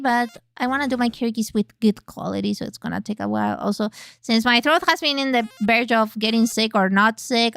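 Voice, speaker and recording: A young woman streams games from home, speaking into a close mic in a very dry room. Her voice sits high and sounds bright and clear. She talks loosely with chat, curses casually, and breaks into sudden squeals while she plays. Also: no echo. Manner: chatty and cursing, reading chat aloud, bursts of squeals while playing. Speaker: VTuber streamer.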